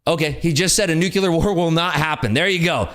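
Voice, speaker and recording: A man hosts a live day-trading stream, offering casual commentary in an upbeat, jokey way. His voice sits on the high side, a bit bright, and he speaks a little fast.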